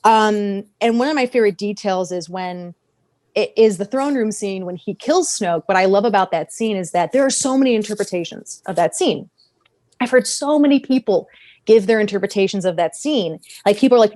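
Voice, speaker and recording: A woman's voice: medium pitch, fairly quick, darkish tone, no room sound. Passionate rambling woman on a podcast. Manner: passionate, rambling, many restarts. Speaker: podcast panelist. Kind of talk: casual podcast discussion.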